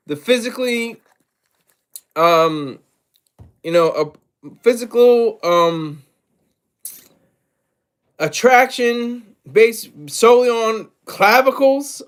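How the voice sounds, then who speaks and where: Brief: male livestream host, high pitch, loose rambling commentary with lots of fillers. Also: fairly bright tone. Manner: rambling, repeats himself, many fillers; asks viewers for tips.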